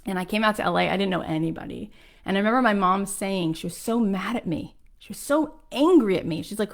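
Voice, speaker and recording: A woman's voice: medium pitch, animated, fast, gravelly. A woman in her forties from South Florida gives a live motivational talk to an audience, speaking candidly and emphatically with frequent "um" fillers. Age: 40s.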